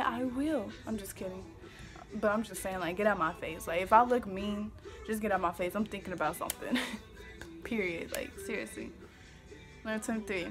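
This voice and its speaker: Talking to the camera from home, this young Kansas City, Missouri woman keeps things sassy, goofy, and emphatic, cursing freely. She has a mid-range voice and a moderate pace, with faint music behind her.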